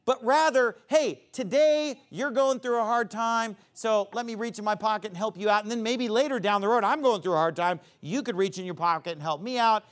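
Brisk and with few pauses, a man preaches by reading Bible verses and explaining them in plain everyday words. He pushes high and loud when emphasizing and sinks low as he explains.

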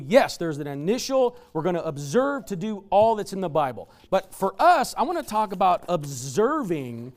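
A man preaching a sermon, reading scripture slowly and deliberately and building emphatic lists of examples. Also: sits high. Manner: lists examples in rising, enthusiastic bursts.

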